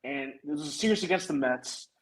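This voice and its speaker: A man's voice: a little high, animated, brisk, poor audio. A man on a sports podcast, breaking down managing decisions analytically with hesitant fillers. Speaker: podcast co-host. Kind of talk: casual sports chat.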